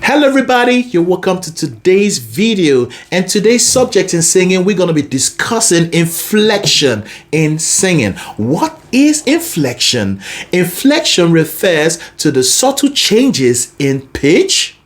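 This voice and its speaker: A man teaching a singing lesson as a vocal coach, talking in an expressive, demonstrative way. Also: a little slow. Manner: expressive, demonstrative, lively pitch.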